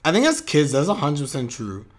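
A man's voice: fairly high pitch, huge pitch swings, fairly quick. A man reacting live to an anime episode on his stream, chatty and openly emotional.

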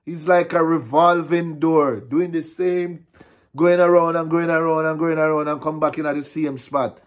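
Sex: man. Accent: Jamaican. Role: vlogger. Style: frustrated, repetitive rant in patois and English. Pitch: fairly high for a man. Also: fairly even intonation, moderate pace. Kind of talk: ranting vlog.

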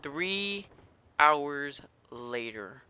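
A man rants through his gameplay commentary in a fired-up rage, swearing at nearly every turn. His voice is very sharp and bright, with a faint hiss of noise beneath it. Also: fairly high pitch, expressive, extremely slow. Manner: profane, ranting, fired-up rage. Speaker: gaming commentator.

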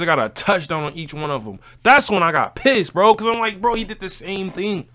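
A man's voice: high-pitched, expressive, fairly quick, bright, forceful tone. A man vlogging his reaction to a football game, frustrated and heated, ranting and swearing at the players while talking to his viewers. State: upset and heated. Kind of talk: casual fan reaction rant.

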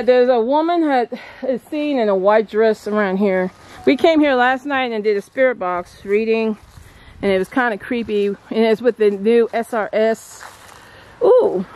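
A woman vlogging outdoors at an old stone landmark, chatting excitedly to her viewers on a handheld phone camera. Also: on the high side, moderate pace. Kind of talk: casual vlog narration. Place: outdoors at a historic stone furnace.

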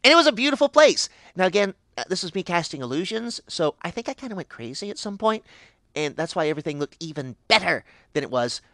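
A man voicing an ancient, cheerfully unhinged pixie in a fan animation, rambling with sudden high squeals. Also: very animated, fast, pushed and bright, dry recording, exaggerated voice. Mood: giddy rambling. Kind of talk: character monologue for fan animation.

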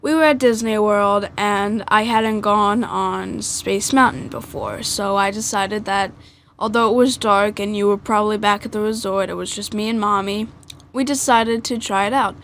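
A woman's voice: mid-range voice, steady tone, normal speed, a bit bright, slight background noise. A teenage girl telling a personal story in a casual podcast chat, hesitant with many fillers. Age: teens. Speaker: podcast guest.

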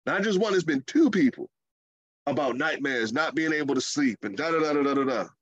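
A man preaching a sermon in a lively, conversational way, with playful asides. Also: fairly high pitch, a little fast, slightly rough, no echo, highs cut off.

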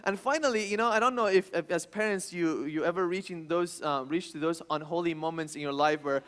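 A man in his thirties, a pastor preaching a sermon, telling stories with many restarts and rising to loud, emphatic bursts. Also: on the high side, a little fast.

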